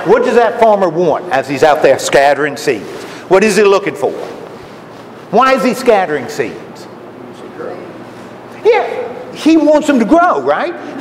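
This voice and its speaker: A man with a high, lively voice gives a folksy sermon and keeps putting questions to his listeners. He is heard in an echoey hall with a faint hum of noise behind him. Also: unhurried, pauses often. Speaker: lay preacher. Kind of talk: conversational sermon. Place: common room of a retirement home.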